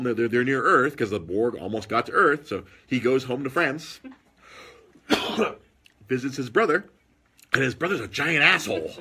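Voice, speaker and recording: A man telling stories in casual podcast chat, animated, with husky tone. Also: mid-range voice. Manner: animated storytelling with put-on quoted voices.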